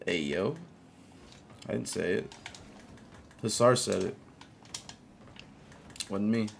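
Low, gravelly guy streaming a game, loose and chatty, welcomes viewers and shouts at plays; light hiss behind him. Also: slow. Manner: greets viewers and reacts to gameplay. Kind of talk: casual live-stream gaming chat.

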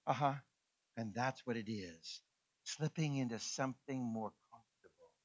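A male pastor preaching a sermon, animated, acting out voices and dropping to soft, low tones. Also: moderate pace. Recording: dull lo-fi sound.

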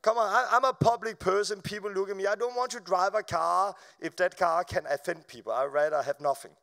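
A man with a notably high speaking voice tells a personal testimony from the pulpit. He keeps it animated and informal, laughing along and stumbling over repeated words as the story spills out. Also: fairly quick, vocal fry. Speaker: preacher. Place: live event before an audience.

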